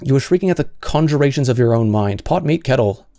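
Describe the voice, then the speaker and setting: A man's voice: medium pitch, animated, fast talker, dark tone, no echo, clean studio sound. A man hosting solo commentary, answering comments in an exasperated, sarcastic way with many stammered restarts.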